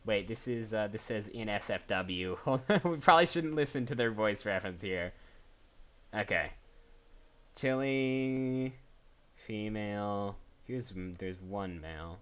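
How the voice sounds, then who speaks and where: Chatty man streaming, low voice. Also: lively intonation, measured pace, fairly bright tone. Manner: chatty, thinks aloud, laughs at himself. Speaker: voice actor streaming live. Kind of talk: casual live-stream chat. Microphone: desk microphone.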